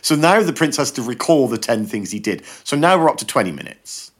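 Man, podcast guest, animated joke teller, voice swings high and low. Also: fairly quick, husky. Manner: animated storyteller acting out joke characters. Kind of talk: casual chat.

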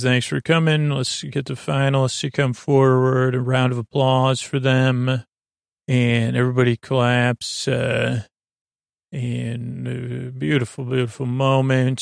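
A man's voice: medium pitch, completely flat delivery, unhurried, vocal fry, smooth, no room sound, clean studio sound. A man hosting a sleep podcast, recapping a show in a casual, rambling way with many hesitant fillers.

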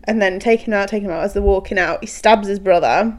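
A woman's voice: mid-range voice, fast. Young woman walking through a film plot. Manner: narrates plot step by step, playful. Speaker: podcast co-host. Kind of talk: casual chat.

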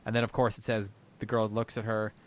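A man's voice: lowish voice, completely flat delivery, fairly quick. A man co-hosting a book discussion podcast, reflecting aloud and reading passages from a story. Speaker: podcast co-host.

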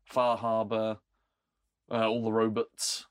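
A man co-hosting a podcast, chatting casually and dropping dry, deadpan jokes. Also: lowish voice, slow pace, clear, resonant tone, dry recording. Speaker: podcast co-host. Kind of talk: casual chat.

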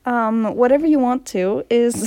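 A woman's voice: fairly high pitch, measured pace, warm tone, lo-fi sound. Giggly American woman chatting at home. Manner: giggly, rambling, apologetic. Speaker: podcast host. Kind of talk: casual chat. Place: grandmother's study at home.

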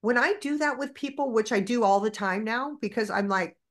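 On a podcast, a guest in her forties tells animated, candid stories peppered with profanity. Her voice runs on the high side and fairly quick.

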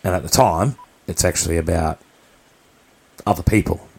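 A man's voice: sits low, moderate pace, creaky, husky. A man from New Zealand, co-hosting a podcast, telling a personal story in a candid, blunt, rambling way. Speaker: podcast co-host.

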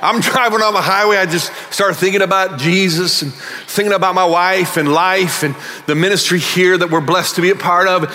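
A middle-aged male pastor preaching a sermon emphatically, swinging between loud bursts and quiet asides in a large church hall. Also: high voice, fairly even intonation, normal speed, a little hiss or hum.

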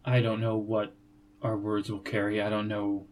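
A man game master voicing a grieving fanged young woman who speaks haltingly and stammers. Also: medium pitch, completely flat delivery, a little mellow, lightly acted. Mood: anxious.

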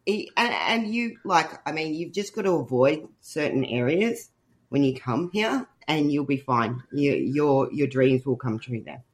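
A man's voice: on the high side, lively intonation, measured pace. Hesitant man. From Australia. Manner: hesitant, full of restarts and fillers. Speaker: podcast co-host. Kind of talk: casual chat.

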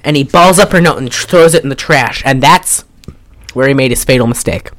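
A man's voice: mid-range voice, fairly quick, a bit bright, no echo. A man co-hosting a casual chat, recapping a film in a rambling, jokey way with lots of fillers. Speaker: podcast co-host.

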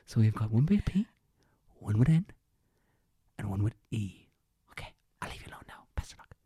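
A woman voicing an overhelpful female exam invigilator in a whispered role-play, dropping hints in a loud stage whisper. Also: rumbling low, quick pace, slightly rough, dry recording, clean studio sound, exaggerated voice. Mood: coaxing.

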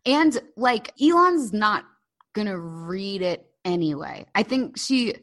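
A woman co-hosting a podcast in casual chat, talking in an animated way with lots of "like" fillers. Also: mid-range voice, slow pace. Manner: chatty, animated, frequent "like" fillers. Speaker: podcast co-host.

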